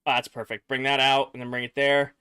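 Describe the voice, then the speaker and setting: A man's voice: mid-range voice, quick pace, clean tone. Male streamer, young adult, worn out after work, easygoing chatter between viewer questions. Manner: relaxed, chatty, reads chat aloud and mutters while building. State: tired after a workday. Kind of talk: casual livestream chat.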